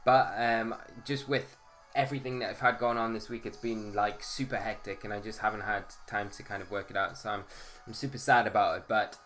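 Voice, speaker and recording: A man's voice: fairly low pitch, steady tone, a little fast, a bit bright, faint music behind. A man hosting a casual live stream, chatting and greeting viewers by name.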